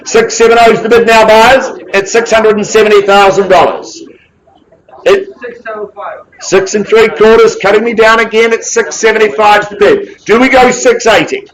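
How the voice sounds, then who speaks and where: Brief: male NZ auctioneer, jovial, brisk calls, light banter with the room. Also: high voice, steady tone, rough recording. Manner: brisk, jovial patter with quick asides to bidders. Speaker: real estate auctioneer. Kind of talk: live property auction calling. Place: auction room with bidders present.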